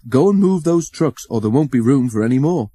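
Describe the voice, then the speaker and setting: A man's voice: mid-range voice, lively intonation, brisk, mellow, a little hiss or hum, voice pushed up, close to an everyday voice. A man voicing Edward, a kindly older male engine who is patient, firm and amused in a storybook reading. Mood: good-humoured. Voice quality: good-humoured, firm.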